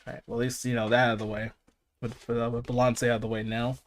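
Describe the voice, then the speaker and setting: A male streamer chats casually on his podcast in a mid-pitched voice. He rambles, laughs often and swears freely, tripping over his words as he restarts sentences. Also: little pitch movement, very fast.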